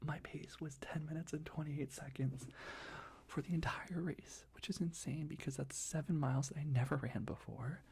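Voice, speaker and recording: A young man talking in a soft, rambling ASMR whisper, full of restarts, as he shares life updates. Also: on the high side, fairly even intonation, moderate pace, vocal fry, slight background noise. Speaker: ASMR creator.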